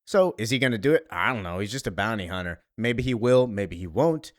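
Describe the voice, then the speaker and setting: A man's voice: lowish voice, expressive, fairly quick, dry recording. Casual male host, loose and chatty in a comic recap, dry close mic. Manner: chatty, loose paraphrasing with fillers.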